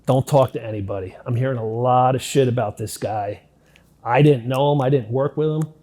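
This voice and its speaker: A man's voice: mid-range voice, normal speed. A middle-aged man gives an interview about his own past. He talks plainly and bluntly, with casual swearing, and his voice sinks nearly to a murmur when the memories turn grim. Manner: candid, drops to near-quiet at grim moments, swears casually. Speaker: interview guest. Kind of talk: telling his life story in an interview.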